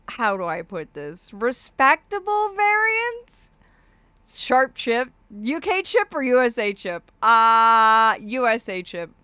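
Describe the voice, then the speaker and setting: A woman with a bright, forward voice hosts a casual live stream in character as a fey being. She fondly calls viewers darlings and laughs often. A swollen cheek slightly blurs her speech, and the recording is close and dry. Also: a little high, clear, resonant tone, dry recording. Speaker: streamer playing a fey persona.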